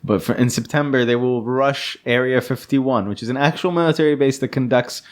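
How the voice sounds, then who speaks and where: Guy hosting a podcast, laughs a lot, kinda numb-mouthed, normal pitch. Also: brisk. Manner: chatty, laughs often. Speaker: podcast host. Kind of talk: casual podcast chat.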